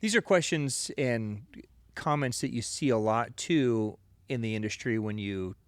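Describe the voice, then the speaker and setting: A man co-hosting a casual podcast, talking things through in a loose, rambling way and dropping "you know" into nearly every thought. His voice is mid-pitched. It is recorded dry and close, with no room sound. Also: unhurried, dry recording. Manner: rambling, opinionated, full of "you know" and "right?". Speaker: podcast co-host.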